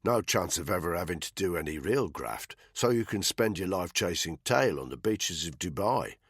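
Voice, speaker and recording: A man's voice: sits low, lively intonation, moderate pace, breathy edge, dry recording, studio quality. A man voicing a cocky, crude special forces soldier in an audiobook. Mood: swaggering. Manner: swaggering, foul-mouthed.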